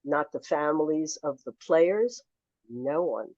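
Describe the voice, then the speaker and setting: A woman in her seventies, a memoir author telling lively anecdotes as a guest in a podcast interview. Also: deep voice, unhurried, no echo, dull audio. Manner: animated anecdotal storyteller.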